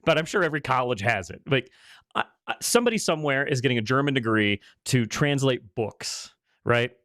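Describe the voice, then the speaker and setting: A man co-hosting a political talk show, rambling and halting with a wry edge. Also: medium pitch, animated, a bit bright, no echo, studio quality. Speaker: co-host.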